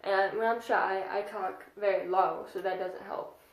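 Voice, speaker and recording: Young woman rambling through a storytime vlog, excitable, roomy echo. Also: mid-range voice, measured pace. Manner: chatty, excitable, lots of fillers. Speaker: vlogger. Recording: echoey room.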